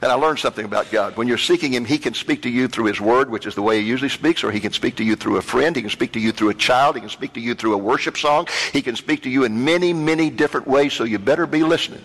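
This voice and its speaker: A man preaching a storytelling sermon, animated, repeating words for emphasis. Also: medium pitch, quick pace, hardly any pauses. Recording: long hall reverb.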